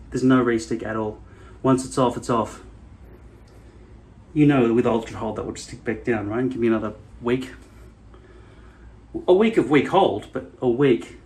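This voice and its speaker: A man talking casually to his camera as a vlogger, rambling from thought to thought in a middle-pitched voice. His talk is frank and loose, with a curse word dropped in here and there. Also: darkish tone.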